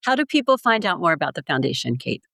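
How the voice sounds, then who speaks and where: Woman podcast co-host, encouraging, asks questions, lowish voice. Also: big pitch swings, fast, vocal fry, a bit bright, no room sound. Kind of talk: podcast interview.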